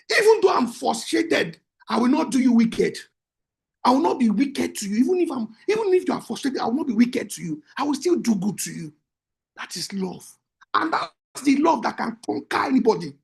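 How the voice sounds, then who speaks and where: A man, a marriage coach teaching in an emphatic, repetitive preaching style that breaks into shouts. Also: very high voice, gravelly.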